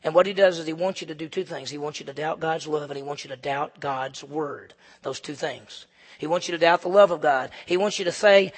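A man preaching a sermon in a church, emphatic, swinging between loud peaks and low, quiet stretches. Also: a little fast, husky. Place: church sanctuary. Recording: long reverb of a large hall.

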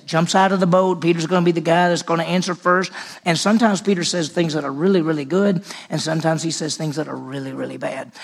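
A man's voice: a little high, vocal fry. A man teaching a Bible study lesson in a conversational way, repeating words for emphasis.

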